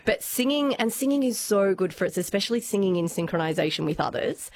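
A woman's voice: medium pitch, animated, quick pace, a little mellow. Enthusiastic science explainer woman. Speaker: science co-host and medical science lecturer.

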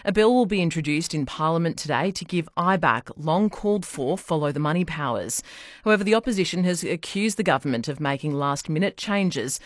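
A woman reading the radio news in a measured, formal way. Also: low-pitched, lively intonation, no room sound, studio quality. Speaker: newsreader. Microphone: studio mic.

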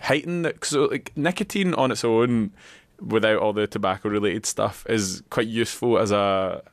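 A man's voice: fairly low pitch, normal speed, no echo. A man, co-hosting radio and rambling through casual explanations. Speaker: radio co-host.

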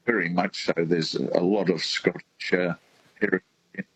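A man calling into a radio show, talking casually and haltingly, with a New Zealand tinge to his accent. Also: low voice, steady tone, fairly bright tone, slightly rough, no echo, rough recording. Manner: halting, hesitant. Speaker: caller. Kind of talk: casual phone chat.

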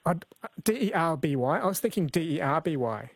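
Chatty radio quiz host. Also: male voice, a little high, animated, brisk, creaky, breathy edge, no room sound. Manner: friendly, chatty, laughs easily. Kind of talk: casual late-night radio chat.

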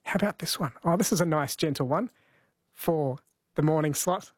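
A man hosting an overnight radio show, relaxed and playful with his co-host. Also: on the high side, normal speed, husky, no room sound, clean studio sound.

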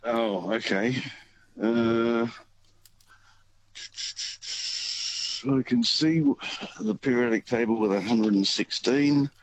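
A middle-aged Australian man on talkback radio, easygoing and halting with lots of ums. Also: medium pitch, low-quality recording. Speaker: caller and station volunteer.

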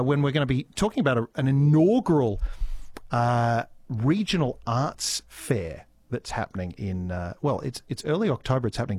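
A man's voice: medium pitch, husky. An Australian man hosting a live radio show in a studio, reading listener messages and chatting in an easygoing way with frequent ums and restarts. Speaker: radio host. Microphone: studio microphone.

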